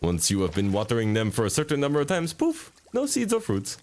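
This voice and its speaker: A man voicing a polite, quirky male tea shop mentor who speaks formally in oddly broken phrasing, with a gentle, unhurried and mildly teasing manner. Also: mid-range voice, huge pitch swings, slight background noise. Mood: explaining.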